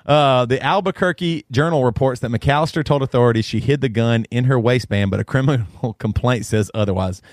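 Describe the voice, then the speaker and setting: A man's voice: medium pitch, a little fast, hardly any pauses, no echo, clean studio sound. A man hosting a casual podcast, reading a news story aloud and often breaking into laughter. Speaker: podcast host.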